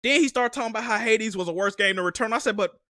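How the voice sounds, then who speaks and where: Rapid-fire and high-voiced, this young streamer vents with plenty of cursing about a console event, exasperated and lively. The audio is studio quality with no room sound.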